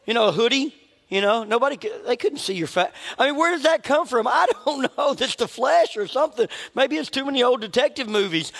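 Man, pastor, casual joking sermon, high voice, long hall reverb. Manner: humorous, conversational preaching with acted-out inner voices.

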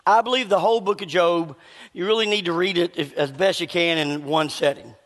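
High-voiced pastor, scratchy throat. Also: male voice, steady tone, a bit bright, in a large hall. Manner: conversational preaching with a slight rasp, pauses to cough. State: scratchy voice needing a cough drop. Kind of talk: sermon. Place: church sanctuary with long reverb.

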